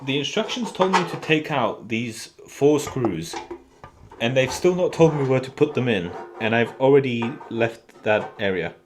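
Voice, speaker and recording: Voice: medium pitch, expressive, measured pace. A live-stream host chatting casually while assembling a kit, grumbling and bantering. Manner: exasperated muttering and joking banter. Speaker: livestream host building a 3D printer. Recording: noisy background.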